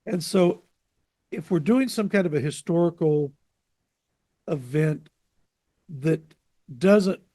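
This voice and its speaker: A man being interviewed over a video call, telling lively anecdotes and acting out the people he quotes. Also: on the high side, slow pace, pauses often, no room sound. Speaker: interview guest, jazz radio producer.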